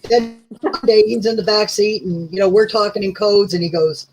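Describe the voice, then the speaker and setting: A woman's voice: medium pitch, moderate pace, darkish tone, rough recording. A woman chatting as a guest, telling rambling stories full of asides. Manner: rambling storyteller, many "you know"s. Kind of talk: casual chat.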